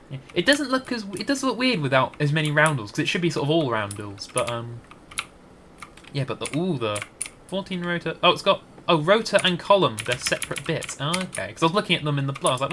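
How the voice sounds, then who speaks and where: A man's voice: on the high side, bright, forceful tone, a little hiss or hum. A Scottish man giving rambling, hesitant gameplay commentary into a desk mic, with many restarts. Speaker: gaming YouTuber.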